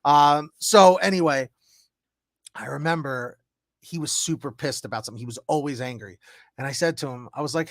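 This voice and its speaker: A fairly high-voiced young man chats loosely on a live tarot stream. He tells stories with a lot of animation and jumps between loud and quiet. The sound is close and dry. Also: brisk, no room sound. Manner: animated storyteller, loud swings in pitch and volume. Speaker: tarot reader, stream host. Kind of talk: casual livestream chat.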